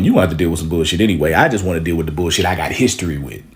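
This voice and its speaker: A man's voice: sits low, expressive, racing, hardly any pauses. A man from the American South, giving a punchy comedic monologue. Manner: punchy, shouts names for laughs.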